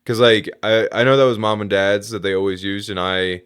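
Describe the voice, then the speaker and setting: A man's voice: on the low side, level tone, fairly quick, a bit bright, clear, resonant tone. A man co-hosting a comedy podcast, telling jokes and stories in a laid-back way. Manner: laid-back, joking storyteller. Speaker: podcast co-host. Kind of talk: casual comedic podcast chat.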